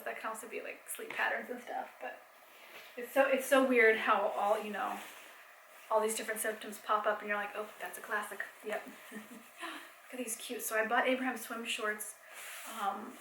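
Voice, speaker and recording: A young adult woman chatting casually in a home vlog, rambling with fillers and soft laughs, a bit tired. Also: a little high, echoey room, slight background noise, rough recording. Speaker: vlogger and mom. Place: home, indoors.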